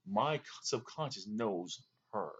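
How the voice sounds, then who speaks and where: A man's voice: fairly low pitch, expressive, unhurried, husky, dull audio. A man telling a long, rambling story to camera in a casual way, with fillers and restarts. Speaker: vlogger recounting a dream.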